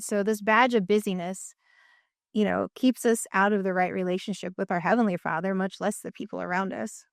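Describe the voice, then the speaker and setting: Middle-aged woman, podcast guest, smooth and resonant, dry close sound, eager explainer. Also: mid-range voice, a bit bright, no room sound. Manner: enthusiastic, explains in quick lists. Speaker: guest, nutrition therapy practitioner. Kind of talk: podcast interview.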